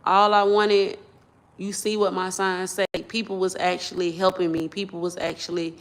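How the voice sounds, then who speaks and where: A woman's voice: lowish voice, little pitch movement, a little fast. A young woman vlogging into her phone, telling a personal story in a loose, rambling way and repeating herself as she gets worked up. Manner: casual, loose grammar.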